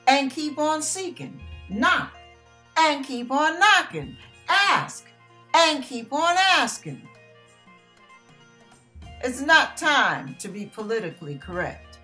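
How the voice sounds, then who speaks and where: A woman preaching in a slow, unhurried way. Her pitch swings widely as she acts out the people in her story. Faint music plays underneath. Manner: animated storytelling, acting out voices. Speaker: ministry speaker. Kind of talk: storytelling sermon.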